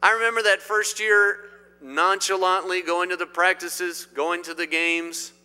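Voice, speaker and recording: A middle-aged man from Indiana preaching a sermon in a church, swinging between loud declarations and quiet asides. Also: high-pitched, little pitch movement, unhurried, clear, resonant tone. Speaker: pastor. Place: church sanctuary. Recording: long hall reverb.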